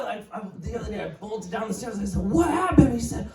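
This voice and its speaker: The young comic speaks in a high, sing-song voice, brisk and with hardly any pauses, rambling and cursing and cracking up at his own tales during a club set. A roomy stage mic catches him from afar as the crowd laughs.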